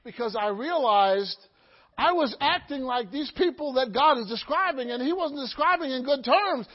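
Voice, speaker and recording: A middle-aged pastor preaching with a very high voice, moving from hushed asides to loud, soaring exclamations. He keeps checking in with his congregation by asking "Amen?" The sound is dull and muffled. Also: animated, moderate pace. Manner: call-and-response preaching, asking "Amen?" often. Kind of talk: sermon.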